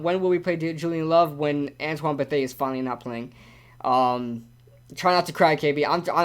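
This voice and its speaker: A young man hosting a casual live-stream sports talk show, rambling and ranting animatedly with lots of repeats. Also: fairly high pitch.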